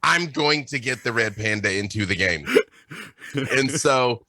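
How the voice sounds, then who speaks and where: A man chatting as a guest game master, animated and playful, telling stories in quick bursts broken by laughs. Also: mid-range voice, no echo. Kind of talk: casual chat, animated storytelling.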